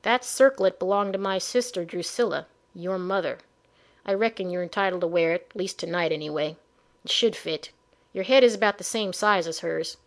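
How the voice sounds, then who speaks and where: A woman's voice: fairly low pitch, normal speed, close to an everyday voice. A woman voicing a stern older male duke who speaks curtly and dismissively. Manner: curt, dismissive.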